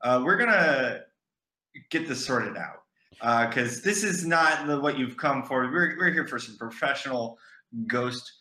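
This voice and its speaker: Male co-host, sharp bright voice, roomy echo on the track; earnest, rambling and loose. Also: medium pitch, animated, unhurried. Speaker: podcast co-host. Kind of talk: comedic podcast banter. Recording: echoey room sound.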